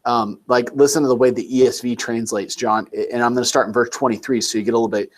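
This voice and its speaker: A man's voice: mid-range voice, steady tone, fast talker, few pauses. A man tutoring a student one-on-one, explaining points patiently and with emphasis. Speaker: Greek tutor.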